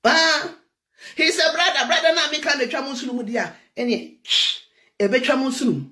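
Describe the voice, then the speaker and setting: A Ghanaian woman with a Ghanaian accent, a preacher, delivering a loud, teasing political rant with frequent laughter. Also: sits high, normal speed. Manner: loud, teasing, laughing, switches between Twi and English.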